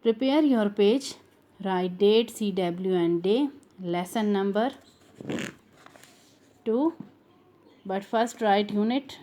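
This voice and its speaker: A woman's voice: mid-range voice, takes it slowly, pauses often, warm tone. A woman teaching a phonics lesson to young pupils, repeating each sound and word over and over.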